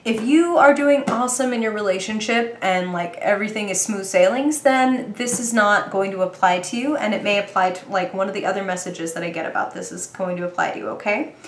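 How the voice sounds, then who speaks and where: A woman's voice: medium pitch, a little fast, hardly any pauses, reverberant, slight background noise. A woman reading tarot for viewers in a bubbly, chatty way, thinking aloud as she goes. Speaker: tarot reader. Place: indoor room with bright light.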